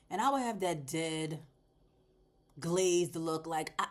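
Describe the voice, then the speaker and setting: A woman with a medium-pitched voice, speaking at normal speed, hosts a casual plant vlog from home. She chats away while repotting, animated and talkative, laughing and addressing her viewers directly.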